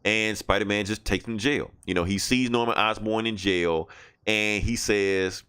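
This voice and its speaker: A man's voice: lowish voice, fairly even intonation, normal speed, sharp tone, clear, resonant tone. A man hosting a podcast who casually retells a story, rambling and swearing freely. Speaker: podcast host. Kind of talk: casual chat.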